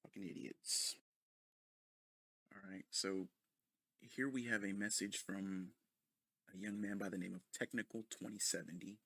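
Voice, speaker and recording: A man's voice: low voice, fairly even intonation, a little slow, pauses often, pushed and bright, no echo. A man ranting in a sarcastic, mocking commentary full of profanity. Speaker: commentary video host.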